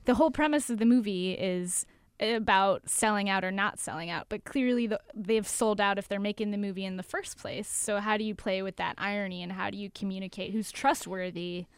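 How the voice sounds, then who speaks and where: Smooth-voiced woman explaining her thesis. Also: medium pitch, brisk, no room sound, studio quality. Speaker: studio guest. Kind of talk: casual explanation.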